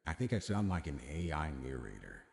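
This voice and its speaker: A man speaking through an AI voice changer that turns him into a deep male narrator voice, chatting casually and fumbling over his words. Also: big pitch swings, brisk, vocal fry, a little mellow, long reverb tail, heavily acted. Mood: amused. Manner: self-mocking, amused, fumbling over words. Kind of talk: casual live-stream chat.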